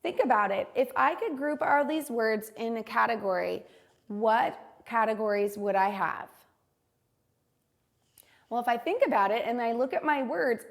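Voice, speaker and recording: A woman teaching a phonics lesson to young children, modeling each word carefully and slowly. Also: on the high side.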